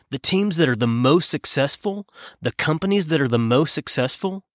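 A man hosting a business podcast, telling a story in an emphatic way with dramatic pauses. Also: a little high, a bit bright, dry recording, clean studio sound. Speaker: podcast host. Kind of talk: scripted podcast intro monologue.

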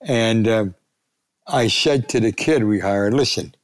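A man's voice: fairly low pitch, a little slow. An older man, a retired sports columnist, telling anecdotes as a guest and acting out the voices he quotes. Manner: gravelly, acts out quoted voices.

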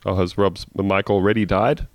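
A man hosting a casual comedy podcast, wry and deadpan, sounding tired. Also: low-pitched, normal speed, no room sound. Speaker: podcast host.

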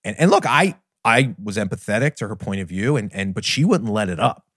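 Man, middle-aged, podcast host, candid, animated, lowish voice, dry recording. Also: brisk, no echo. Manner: earnest, candid, animated retelling. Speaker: podcast host and business trainer. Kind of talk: personal storytelling monologue.

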